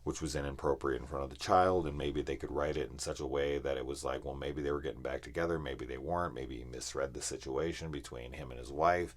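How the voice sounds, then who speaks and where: Very deep-voiced man ranting profanely. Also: steady tone, fast, hardly any pauses. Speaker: film reviewer. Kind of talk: casual ranting review.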